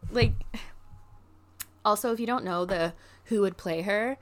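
A woman vlogger telling a story in a casual, chatty way, full of "like" fillers and excited gushing. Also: medium pitch, a little slow, long pauses. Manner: chatty, filler-heavy with constant "like".

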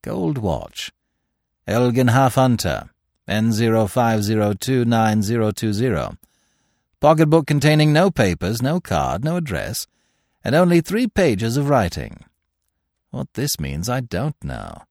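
A man voicing a brisk, mock-cheerful police desk sergeant reading out charges. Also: medium pitch, big pitch swings, vocal fry, darkish tone, no echo, clean studio sound.

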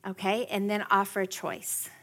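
A woman in her forties giving a lively parenting workshop to a room of parents, often mimicking her kids' whiny voices. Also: medium pitch, moderate pace. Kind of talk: live parenting workshop talk. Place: workshop room with a live audience.

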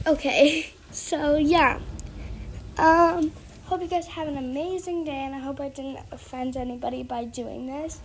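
A woman's voice: sits high, a little slow, a little hiss or hum. A teenage girl vlogging casually, hesitant and apologetic, with many fillers and restarts. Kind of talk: casual skit vlog.

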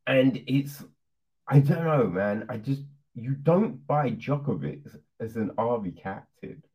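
A man's voice: medium pitch, lively intonation, slow pace, darkish tone. A man casually reviewing a film on his channel, laughing, swearing and throwing in lots of rhetorical asides. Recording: dull lo-fi recording.

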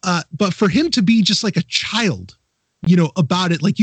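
A man's voice: sits high, expressive, moderate pace, a bit bright, slightly rough, no room sound. A man hosting a podcast, talking enthusiastically in a rambling casual chat with many restarts. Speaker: podcast host.

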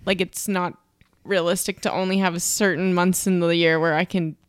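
A woman's voice: fairly low pitch, flat delivery, normal speed, smooth, no echo, studio quality. A woman in her twenties co-hosting a podcast, chatting casually, laughing often and swearing now and then. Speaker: podcast co-host. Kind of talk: casual chat.

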